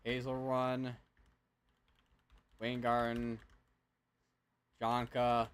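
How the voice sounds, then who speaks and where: A man's voice: mid-range voice, completely flat delivery, drawn-out words, clear, resonant tone. A young man hosting a live severe weather stream, talking casually with lots of fillers and restarts as he checks radar and alerts at his computer.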